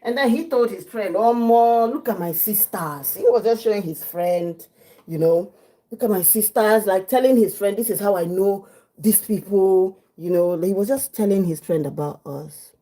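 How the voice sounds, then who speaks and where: A woman with a Nigerian accent, chatting as a livestream host in her home kitchen, telling a story with lively acted-out quotes. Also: medium pitch, normal speed, low-quality recording. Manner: lively, acts out quotes, mixes in pidgin.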